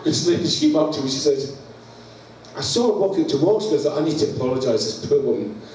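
Laughing Scottish preacher in an echoey church. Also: male voice, a little high, lively intonation, fast talker, darkish tone. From Scotland. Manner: laughs through his story, acts out sounds. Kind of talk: humorous sermon storytelling. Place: church hall. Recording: echoey church, distant mic, background noise.

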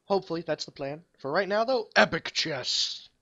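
A man's voice: high-pitched, expressive, fast. A man chatting casually with a friend while playing a game online, thinking aloud and laughing often. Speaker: gaming YouTuber. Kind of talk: casual gameplay chat. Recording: dull, muffled sound.

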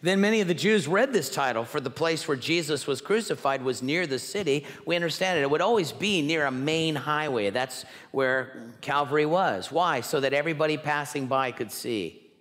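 A pastor preaching a sermon in an earnest, emphatic way, slowing down to stress key words. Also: male voice, fairly high pitch, animated, fairly bright tone. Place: church sanctuary. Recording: long hall reverb.

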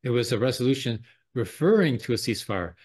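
A man's voice: medium pitch, animated, fast, darkish tone, husky. A man in casual political chat who rambles and leans heavily on "you know".

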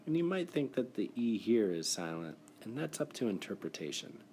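A man with a lowish, mellow voice and wide pitch swings teaches spelling in a screencast, talking at a normal speed and guiding learners through the steps with patience and encouragement. He records on a device mic for screen capture, and there's a little background noise.

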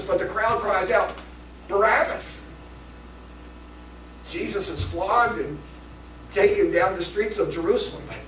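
A man preaching a sermon as pastor, swinging between loud passages and hushed ones. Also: high-pitched, slight background noise. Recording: echoey room from a distance.

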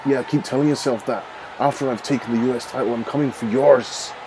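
A man voicing a brash, cocky male wrestler with a Scottish accent and a gravelly voice, in a game role-play. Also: medium pitch, steady tone, fairly quick, background noise, close to an everyday voice. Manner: cocky, dismissive.

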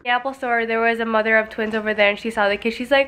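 Give me a young woman chatting casually at home, with a slightly high voice. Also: level tone, quick pace, few pauses, a bit bright, slight background noise. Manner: chatty, easygoing, talks to her babies in between. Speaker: mother vlogger. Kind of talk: casual home vlog chat.

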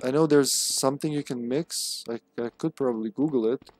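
A man's voice: medium pitch, brisk, a little mellow. Sarcastic man streaming a game. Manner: joking, sarcastic, chatting with viewers. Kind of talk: live gameplay commentary.

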